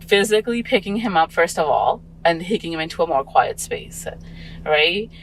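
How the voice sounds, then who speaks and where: Low-voiced and expressive at a normal speed, this parent in her forties guests on a casual podcast, musing and wandering with lots of fillers. The recording is low quality, with a little hiss or hum.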